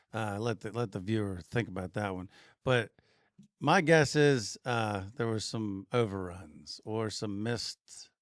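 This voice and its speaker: A man co-hosts a podcast in casual chat, chiming in with wry, dry jokes. His voice sits fairly low. The sound is close and dry, with no room echo. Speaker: podcast co-host, retailer.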